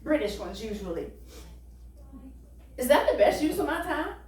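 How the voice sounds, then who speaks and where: A woman's voice: high-pitched, sing-song, moderate pace, darkish tone. A woman pastor preaching a folksy, joking sermon full of rhetorical questions. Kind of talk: conversational sermon. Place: church sanctuary. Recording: echoey church hall, distant mic.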